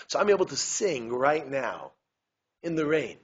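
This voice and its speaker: A man, a rabbi, giving a lively community talk. He digresses, keeps asking his listeners if they understand, and chants Hebrew verses. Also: medium pitch, normal speed, lo-fi sound.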